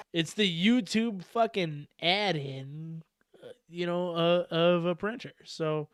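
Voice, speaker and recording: Lively profane male podcast host. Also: fairly high pitch, clean tone, no room sound, clean studio sound. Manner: animated, profane, laughs often. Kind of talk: casual podcast chat.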